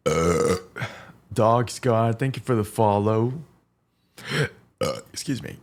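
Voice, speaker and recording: A man's voice: fairly low pitch, animated, slow pace, pauses often, a little mellow. Young man, casual cooking stream, blunt, swearing, humming between lines.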